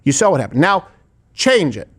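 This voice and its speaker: A man's voice: a little high, big pitch swings, normal speed, breathy edge. A man hosting a political talk show, asking rhetorical questions with heavy sarcasm. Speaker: host. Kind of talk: political commentary chat.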